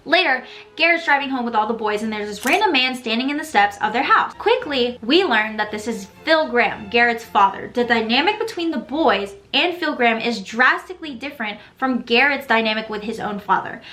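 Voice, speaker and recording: High, bright, animated young woman vlogger. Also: moderate pace. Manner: animated, dramatic, sassy asides. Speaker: vlogger recapping a TV episode. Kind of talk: casual episode recap. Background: faint background music.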